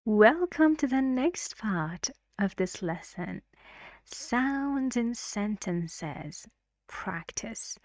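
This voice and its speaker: A woman's voice: a little high, very animated, drawn-out words, darkish tone, no echo, studio quality. A woman teaching English pronunciation in an online lesson, patiently drilling stress patterns and often dropping into a whisper. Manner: chants stress patterns in syllables.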